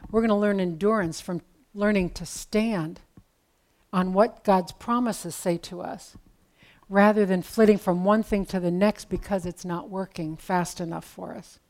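A woman's voice: medium pitch, a little mellow. A woman preaching a sermon in a conversational, storytelling way with casual asides.

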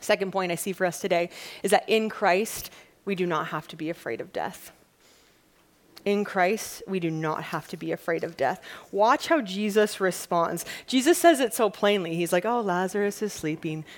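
A woman's voice: lowish voice, moderate pace. A woman preacher giving a sermon in a conversational, plain-spoken way, repeating her key points. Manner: lively, acts out quotes in a mock-panicked voice.

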